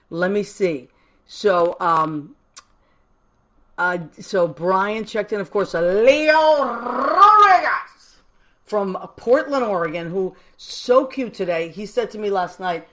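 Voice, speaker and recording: A woman from Massachusetts hosts a live call-in show, greeting callers and viewers with warm affection. She chats in a rambling, effusive way, with a mid-range voice. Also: mid-range voice. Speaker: host.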